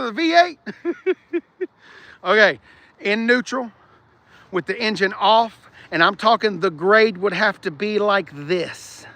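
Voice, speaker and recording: A man hosting a casual car-talk livestream, rambling and animated, reading out viewer comments and shouting when worked up. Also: sits high, measured pace, long pauses, no room sound. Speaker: livestream host reading chat.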